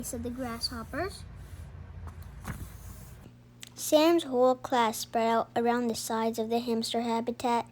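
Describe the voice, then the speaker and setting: Lady reading a kids picture book out loud, high voice, little slips, faint room hum. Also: fairly even intonation, normal speed, hardly any pauses, poor audio. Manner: reads with slips and restarts, adding small asides. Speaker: storybook reader.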